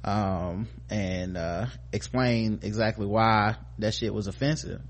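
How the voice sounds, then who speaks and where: A man's voice: fairly low pitch, steady tone, takes it slowly. A man co-hosting a casual podcast, reading news stories aloud and stumbling over words with many fillers. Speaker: podcast co-host.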